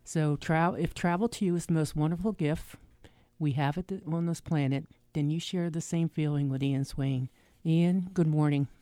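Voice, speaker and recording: A woman's voice: low-pitched, fairly even intonation, moderate pace, warm tone, no echo. A woman co-hosting a radio travel segment, reading an emphatic introduction of a guest and stumbling over a few words. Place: radio studio.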